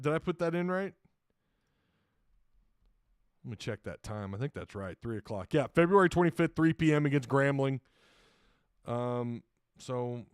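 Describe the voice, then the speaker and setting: A man's voice: fairly high pitch, clean tone, no room sound, clean studio sound. Chatty, chuckling sports-show host man. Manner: rambling, chuckling often, self-deprecating; reads viewer comments and sponsor plugs aloud. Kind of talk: casual livestream sports chat.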